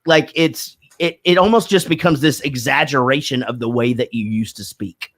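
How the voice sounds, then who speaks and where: A man's voice: mid-range voice, normal speed, fairly bright tone, dry recording, clean studio sound. Texan man in rambling casual chat. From Texas. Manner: candid, profane, rambling with restarts. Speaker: podcast host.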